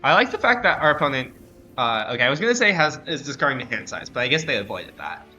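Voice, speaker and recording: A man with a bright, forceful voice chats loosely while streaming a card game, trailing off and correcting himself, with dry sarcastic asides. The sound is dull and lo-fi, with faint music underneath. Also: medium pitch, sing-song, fast. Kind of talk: casual gameplay chat.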